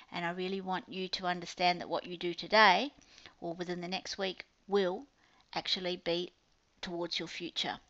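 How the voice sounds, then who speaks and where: A woman's voice: fairly low pitch, a bit bright, highs cut off. A woman with a New Zealand accent, a business coach giving an upbeat, chatty promotional talk to her clients. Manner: chatty, upbeat sales patter with playful asides.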